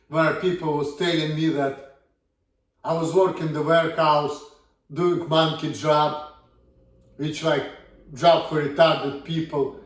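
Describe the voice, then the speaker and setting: A man's voice: on the high side, fairly even intonation, takes it slowly, pauses often. Frustrated swearing man with a Russian accent. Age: 30s. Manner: frustrated, blunt, swears a lot. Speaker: vlogger. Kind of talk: casual ranting monologue. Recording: echoey room, from far off.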